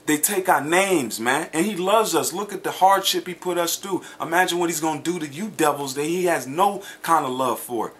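A man preaching a sermon and reading scripture aloud, emphatic, often checking in with "okay?" and "man", slowing down to stress words. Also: on the high side, fairly bright tone.

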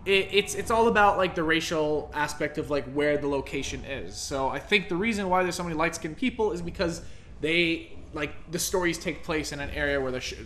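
A man hosting a let's play, chatting casually with rambling, animated commentary. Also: a little high, brisk, slight background noise. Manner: animated, rambling, swears freely.

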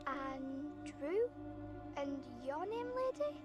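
A woman's voice: high voice, sing-song, slow, dull audio, exaggerated voice. A woman voicing an eerie, formal-speaking ghostly little girl from long ago, heard in game audio. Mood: eerie, sweet. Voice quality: old-fashioned, formal speech. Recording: game audio under loud music.

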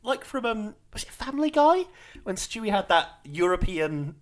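Man, podcast co-host, casual chat, animated swooping voice, quick to laugh. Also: sits high. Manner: laughs often, acts out scenes in silly voices.

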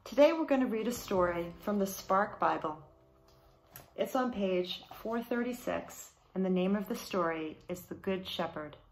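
A woman teaching in a children's ministry, reading a Bible storybook aloud to children in a slow, clear read-aloud manner. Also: medium pitch, animated.

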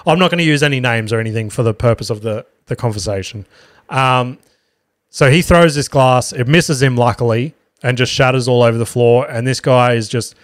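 A man's voice: mid-range voice, no room sound, clean studio sound. An Australian man, a podcast host and comedian, telling a rambling story in casual talk, swearing freely and correcting himself as he goes.

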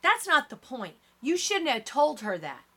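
A woman reading an audiobook, voicing a defensive junior-high girl who argues in a raised, sharp voice. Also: very animated, unhurried, heavily acted. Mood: angry. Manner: shouting, sharp retorts.

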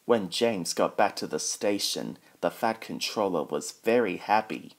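A man with a very low voice reads a children's storybook aloud at an unhurried pace. He voices every character himself without changing his voice much. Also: vocal fry.

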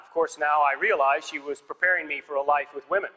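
A man's voice: a little high, steady tone, fast talker. A man doing a stand-up comedy set on a theater stage, telling stories with dry, punchy one-liners. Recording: live hall reverb with audience noise.

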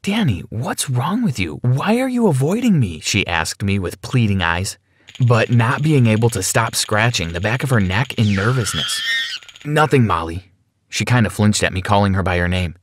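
A man narrating a scripted first-person story for an animated channel, in an expressive, dramatic way. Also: lowish voice.

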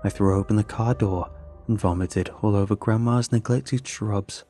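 A man reading a horror story aloud in a measured, scripted narration. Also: lowish voice, fairly even intonation, dark tone. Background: faint music.

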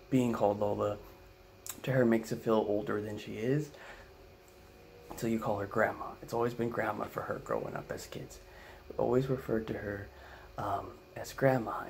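A man telling a comic family story in an animated way, acting out the quotes. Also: fairly low pitch, gravelly, slight background noise. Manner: animated, acts out quotes, laughs. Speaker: vlogger, comedic storyteller. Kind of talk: comedic storytelling.

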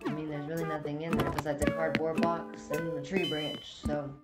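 Lady doing a let's play, kinda low voice, stumbles over reading, loud game music, echoey room. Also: level tone, normal speed. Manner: self-deprecating, stumbling reader. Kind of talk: casual game commentary.

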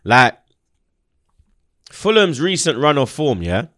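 A man's voice: medium pitch, slow pace, no room sound, studio quality. A young man hosting a heated, slangy football chat and making his points with emphasis. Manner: animated, emphatic, street slang. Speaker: football fan show host.

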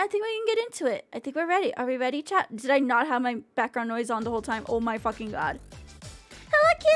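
A woman's voice: high voice, a bit bright. A young woman streamer chatting casually with her viewers in a bubbly, rambling way and swearing now and then. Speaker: VTuber streamer. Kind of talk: casual livestream chat with viewers.

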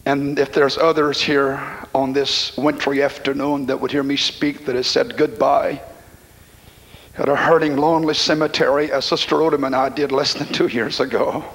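A middle-aged man preaching a sermon to a congregation, impassioned, dropping to a hush and then rising to shouts. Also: mid-range voice, flat delivery, moderate pace, poor audio. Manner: impassioned, swings from hushed to shouting. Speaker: pastor. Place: church congregation.

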